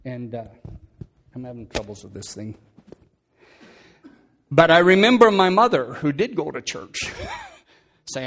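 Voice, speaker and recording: A man's voice: on the high side, expressive, a little slow, pauses often, fairly bright tone. An older man giving a rambling, homespun church testimony into a headset mic, often chuckling and restarting words. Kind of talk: folksy testimony storytelling.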